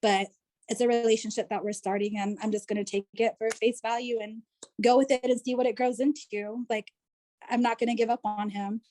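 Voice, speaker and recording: This woman's voice runs on the high side, with a level tone, brisk pace and warm feel. She's an American interview guest on a video call, chatting through a personal story and peppering it with "like" and "you know."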